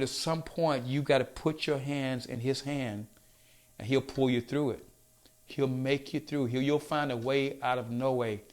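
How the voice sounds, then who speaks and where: Earnest man giving a motivational talk. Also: fairly high pitch. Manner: earnest, coaxing, slows down to stress points. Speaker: motivational speaker.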